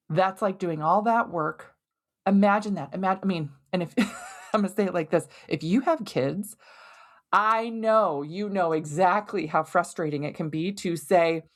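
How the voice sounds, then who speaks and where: A woman hosting a health podcast, explaining in a conversational, animated way and leaning on everyday analogies. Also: mid-range voice, a little slow. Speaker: podcast host and hormone health doctor. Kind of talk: educational podcast monologue.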